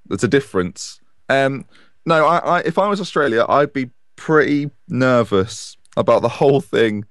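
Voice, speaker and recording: A young man co-hosting a football podcast, mixing analysis with dry humour. His mid-pitched voice sounds close and dry, with no room echo. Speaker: podcast co-host. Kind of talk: casual sports podcast chat.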